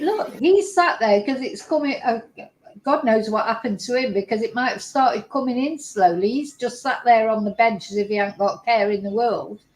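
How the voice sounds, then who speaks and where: A woman's voice: a little high, a little mellow, reverberant, low-quality recording. A woman hosting a livestream, reacting to clips with chatty, emotional exclamations. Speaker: host.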